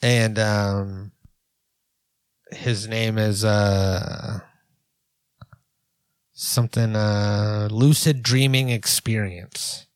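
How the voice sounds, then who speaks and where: A man's voice: lowish voice, steady tone, extremely slow, long pauses, no room sound. Sarcastic man reacting casually. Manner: casual, sarcastic, loose with fillers. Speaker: commentary host.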